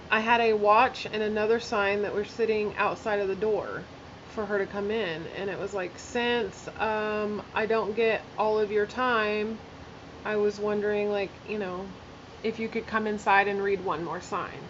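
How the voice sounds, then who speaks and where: A woman's voice: mid-range voice, fairly even intonation, a little slow, dull audio, slight background noise. A woman telling a personal story in a casual vlog while doing her makeup, chatty and candid, full of fillers and blunt swearing. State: emotional, near tears. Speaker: vlogger.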